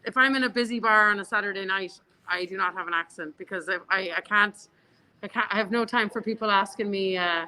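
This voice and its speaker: Chatty Irish woman with bright voice. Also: mid-range voice, a little fast, rough recording. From Ireland. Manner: chatty storyteller, many restarts. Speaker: bar co-owner, guest. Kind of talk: casual interview chat.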